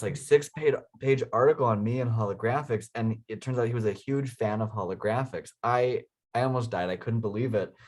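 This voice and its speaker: Man, lower voice, excited storyteller, laughs a lot, lots of ums. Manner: enthusiastic, laughs often, frequent um and uh. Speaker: interview guest, inventor. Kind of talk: casual storytelling.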